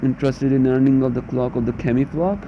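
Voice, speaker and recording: A man reading out an excited male scientist's lines in a rushed way, in a muffled recording with a faint hum. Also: medium pitch, lightly acted.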